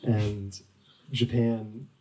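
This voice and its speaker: Man in his forties, author guest at a bookstore talk; mellow, rambling storyteller, mic set back. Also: fairly low pitch, flat delivery, very slow, distant mic, a little hiss or hum, low-quality recording. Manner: rambling, full of "like" and restarts. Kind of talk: storytelling at a live book talk. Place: bookstore event.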